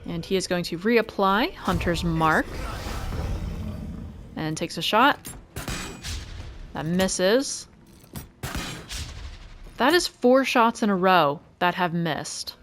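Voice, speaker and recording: Woman, let's play commentator; lowish voice, easygoing play-by-play, faint game music underneath. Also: slow, pauses often. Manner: relaxed play-by-play of each turn. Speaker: gaming video creator.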